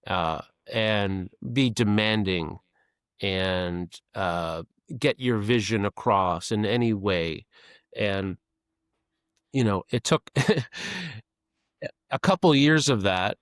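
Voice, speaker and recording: A middle-aged man speaking as a podcast guest, candid and self-deprecating, talking haltingly with many fillers and restarts. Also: on the low side, clean tone, no echo, clean studio sound. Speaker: podcast guest, advertising creative leader. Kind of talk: candid conversational interview.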